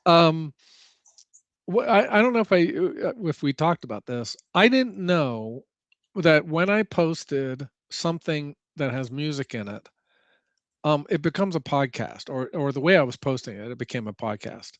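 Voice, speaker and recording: A man with a somewhat raised pitch talking casually on a podcast. He works through his explanation step by step, in plain conversational language. The recording is dry, with no room sound. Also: expressive, moderate pace, dry recording, lo-fi sound. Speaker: podcast co-host. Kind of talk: casual chat.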